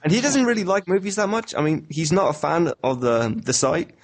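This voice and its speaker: A man's voice: fairly high pitch, very animated, brisk. A man chatting casually as a podcast guest, telling easygoing stories.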